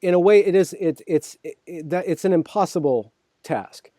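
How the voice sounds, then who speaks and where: A man thinking aloud in casual conversation, restarting phrases and checking in with the listener. His voice is warm and mellow and sits a little high. The sound is dry and close. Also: normal speed, no room sound. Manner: thoughtful, many restarts and "right?" checks. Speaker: host.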